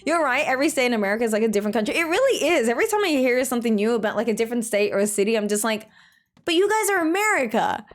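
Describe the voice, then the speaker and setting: A young woman from Australia streaming a game, chatting casually with her chat in a rambling way, with "like" in every sentence and quick laughs. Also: a little high, animated. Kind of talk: casual chat reading out chat messages.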